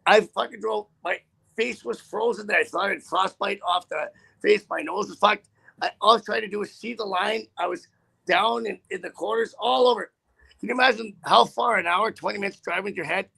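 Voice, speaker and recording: A man's voice: sits high, a little fast, gravelly, pushed and bright, slightly rough. A man who drives trucks, telling a story in a casual interview with a profane, rambling, heated manner.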